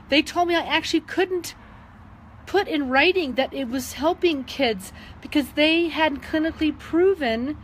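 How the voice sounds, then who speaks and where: Casting note: middle-aged woman with a high voice, sincere and emotional, telling a story over a faint hum. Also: a bit bright, rough recording. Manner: earnest, emotional, with frequent um fillers and restarts. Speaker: wellness advocate sharing testimonies. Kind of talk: casual personal storytelling.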